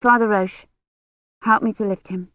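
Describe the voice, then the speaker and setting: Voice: medium pitch, fairly even intonation, moderate pace, no room sound, natural voice. A reader voicing an urgent young woman nursing. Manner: urgent, practical, apologetic. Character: young woman tending a fevered sick man. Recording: dull dry lo-fi audio.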